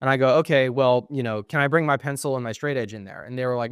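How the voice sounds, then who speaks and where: A young man co-hosts a podcast and tells a long, rambling personal story. He swears freely and acts out both sides of the conversation. His voice sits at an average pitch, and the recording is dry and close. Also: racing, clean tone, no room sound. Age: young adult. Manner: animated, profane, acts out quoted exchanges. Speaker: podcast co-host. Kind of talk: casual storytelling.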